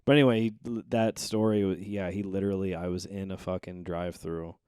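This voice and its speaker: A man's voice: low-pitched, a little fast, clean tone, no echo, studio quality. A young man, a stand-up comedian and guest, telling profane stories in casual chat and acting out the voices in them while hungover. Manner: animated, profane, acts out voices in his stories.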